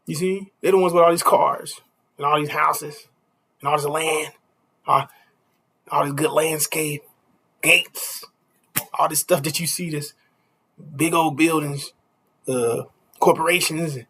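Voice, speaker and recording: A man's voice: fairly high pitch, steady tone, a little slow, pauses often, sharp tone, slightly rough. A man preaching a casual street sermon, stopping often to ask "you see?" and chuckling between points.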